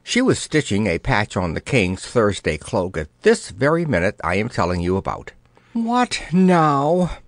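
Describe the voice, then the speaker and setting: A man narrating a children's storybook in an expressive, playful way. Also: deep voice, normal speed, hardly any pauses, dry recording. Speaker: audiobook narrator.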